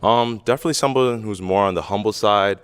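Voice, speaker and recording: A young man with a low voice answers questions quickly and politely. He hedges with frequent ums and likes. His talk is fast even when he hesitates. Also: clear, resonant tone. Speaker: dating show contestant. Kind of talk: casual interview answers.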